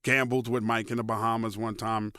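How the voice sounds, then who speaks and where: A man, a radio personality telling stories as a guest in a casual interview, animated and swearing freely. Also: lowish voice, brisk, clear, resonant tone, no echo, studio quality. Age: 50s. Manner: profane, animated storyteller who voices others in quotes.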